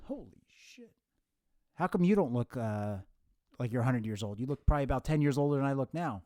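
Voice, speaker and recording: A man's voice: medium pitch, lively intonation, fairly quick, warm tone, no echo. A man hosting his own comedy show, baffled and exclamatory as he questions a visitor. His voice is in the middle range. The sound is dry and close to the mic. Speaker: host. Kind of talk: comedy sketch, talking to himself.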